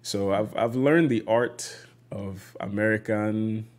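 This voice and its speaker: A man from Nigeria, a podcaster, answering interview questions in a relaxed, measured way with many fillers. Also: fairly low pitch. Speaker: podcaster guest.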